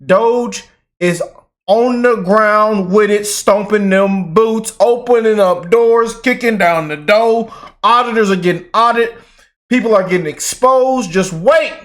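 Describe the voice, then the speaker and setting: A high-pitched man gives heated, emphatic commentary straight to his audience. He is slangy and worked up, and he keeps calling the viewers family. It sounds like a casual channel vlog. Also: measured pace, a bit bright. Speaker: political commentary YouTuber.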